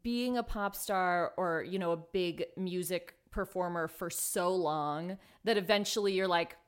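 A woman's voice: unhurried, smooth. A woman in her thirties from Los Angeles, a podcast guest chatting casually with lots of laughter and playful quoted voices. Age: 30s. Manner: animated storyteller, laughs often, jumps into high quoted voices. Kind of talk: casual chat.

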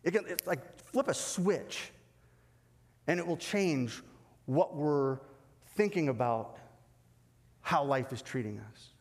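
Pastor in a reverberant hall. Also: male voice, a little high, slow, long pauses. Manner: animated, acts out quoted dialogue. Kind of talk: sermon.

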